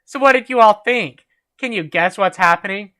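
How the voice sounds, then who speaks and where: A man's voice: high-pitched, moderate pace, sharp tone. A man hosting a reading of a fan story aloud, chatting and laughing with friends between passages. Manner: amused, laughing reader. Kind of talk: reading aloud and casual chat.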